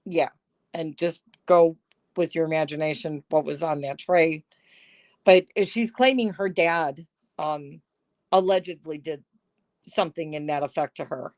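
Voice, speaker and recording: A woman with a slightly low voice and an unhurried pace, chatting casually to her livestream viewers. She talks into her phone's microphone with no room echo, and she is sarcastic and laughs a lot. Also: a little mellow. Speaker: livestream host. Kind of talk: casual live-stream chat.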